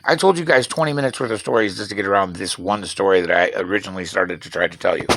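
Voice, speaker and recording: A man talking fast in a rambling, profane, digressive vlog monologue from his half-built shed at night. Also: low voice, background noise. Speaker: vlogger.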